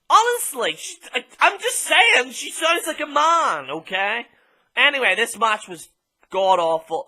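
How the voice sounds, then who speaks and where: A man's voice: very high-pitched, sing-song, slow, bright, forceful tone. An Irish man reviewing a wrestling show in a blunt, sweary, casual rant full of ums. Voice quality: blunt, sweary, filler-heavy with many ums.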